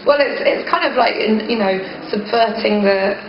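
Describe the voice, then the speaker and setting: A woman's voice: on the high side, moderate pace. A woman in a band, chatting casually in an interview, often laughing and joking. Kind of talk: casual chat. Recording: muffled, noisy, echoey old recording.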